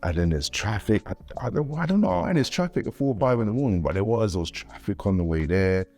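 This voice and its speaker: A man's voice: on the low side, fast talker, faint music behind. A man talking casually as an interview guest, rambling and repeating words. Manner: rambling, repeats words, animated when quoting others. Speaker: guest father.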